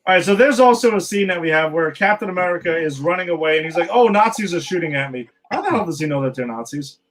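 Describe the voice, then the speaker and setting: A man's voice: high-pitched, animated, fast, fairly bright tone, low-quality recording. A man co-hosting a podcast, chatting casually and sounding incredulous. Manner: incredulous, exasperated. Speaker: podcast co-host. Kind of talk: casual chat.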